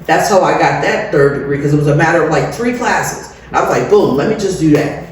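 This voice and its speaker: Middle-aged woman, interview guest, candid and lively, laughs easily; distant mic in a roomy space. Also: low voice, fast talker. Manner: animated, candid, laughs often. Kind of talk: personal storytelling. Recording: very echoey room, distant mic, faint noise.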